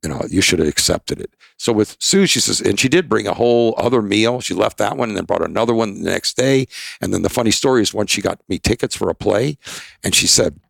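Gravelly older man telling rambling stories. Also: lowish voice, brisk, no room sound. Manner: rambling, anecdotal, emphatic. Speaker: expert guest. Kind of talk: casual storytelling in a podcast interview.

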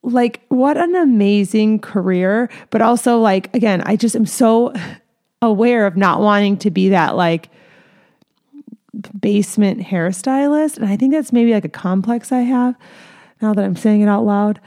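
A woman's voice: mid-range voice, measured pace, mellow. A woman in her thirties, a hairstylist, talking through her thoughts in a casual, rambling monologue full of fillers and restarts, at times close to tears. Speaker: hairstylist and salon owner.

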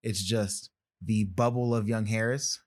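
A man speaking as a podcast guest in casual chat, soft-spoken and easygoing. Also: lowish voice, steady tone, unhurried.

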